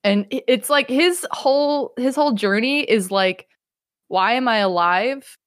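A woman hosting a casual podcast chat, animated and swearing freely, acting out quotes as she talks. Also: fairly high pitch, a little slow, no room sound, studio quality. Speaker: podcast host.

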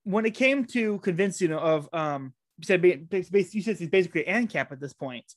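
A man hosting a casual interview, excitable and often restarting his sentences. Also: high voice, dry recording, studio quality. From United States. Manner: excitable, quick restarts and stumbles. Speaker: podcast host.

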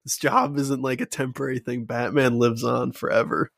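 On a podcast, a co-host gives a casual, enthusiastic film review, rambling and leaning on fillers. His mid-range voice is gravelly yet fairly bright, with flat delivery at a moderate pace. The recording is studio quality with no room sound.

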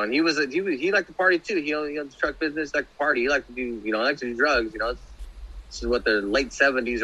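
A bright, forceful man in his thirties tells a long personal story in a loose, rambling way. He swears freely, fills gaps with "you know," and restarts his sentences. When he quotes other people, his pitch leaps upward. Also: slightly rough, rough recording. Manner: rambling, profane, many fillers and restarts; acts out quoted voices with big pitch jumps.

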